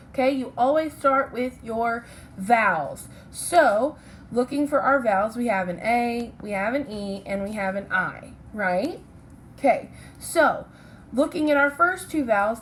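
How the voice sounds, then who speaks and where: A woman's voice: a little high, a little hiss or hum, low-quality recording. A woman teaching a recorded phonics lesson to children. She explains step by step, keeps checking in with "okay?", and corrects her own slips with an apology. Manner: patient, checks in with "okay?" and "right?".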